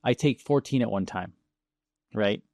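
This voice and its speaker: A man hosting a conversation, telling stories in a casual, animated way and acting out the quoted voices. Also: lowish voice, unhurried, vocal fry, no echo, studio quality. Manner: animated, acts out quoted dialogue, laughs often. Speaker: show host.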